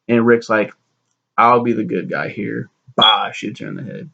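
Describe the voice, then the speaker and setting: A man's voice: on the low side, flat delivery, moderate pace, gravelly, fairly bright tone, dull audio. A young man rambling through a sarcastic, profane recap of a TV show, acting out the characters' lines as he goes. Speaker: show reviewer.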